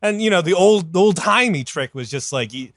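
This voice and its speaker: A man hosting a comedy podcast, telling a story in a rambling, casual way with lots of fillers, and jumping up in pitch when he quotes someone. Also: lively intonation, fairly quick, fairly bright tone, no room sound, studio quality. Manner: rambling, many fillers, jumps high for quoted voices.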